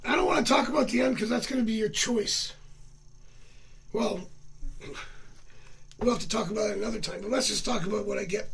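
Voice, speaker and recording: Male tarot reader, high gravelly voice, rambling chatty live-stream delivery. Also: a little fast, pauses often, fairly bright tone, a little hiss or hum. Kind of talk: casual live-stream reading. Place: home.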